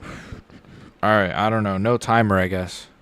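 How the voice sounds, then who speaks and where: Excitable young man reacting to fights. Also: normal speed, clean tone. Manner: casual, excitable, shouts with rising pitch at big moments. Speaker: streamer. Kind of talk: live fight reaction commentary.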